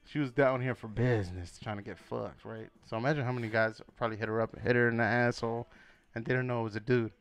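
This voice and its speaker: A young man co-hosting a podcast rattles off a crude story fast, his medium-pitched voice clear and resonant. The chat is casual and animated: he swears, laughs often and performs different voices.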